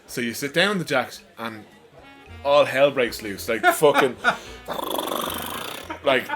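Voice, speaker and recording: A man's voice: medium pitch, wildly swooping pitch, takes it slowly, fairly bright tone, soft background music. A young Irish man co-hosting a podcast, joking crudely and laying out a vulgar hypothetical scenario. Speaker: podcast co-host. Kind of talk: crude casual chat.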